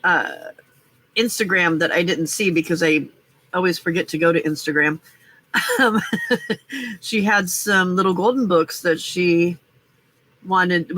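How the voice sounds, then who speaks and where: A woman hosting a casual live crafting stream, chatty and quick to laugh as she reads out viewer comments. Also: fairly low pitch, fairly bright tone, low-quality recording.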